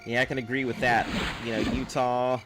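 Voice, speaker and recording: A man's voice: mid-range voice, little pitch movement, fairly quick, over music. A man streaming a game, chatting casually with viewers in a rambling, offhand way full of fillers. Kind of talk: casual live-stream chat.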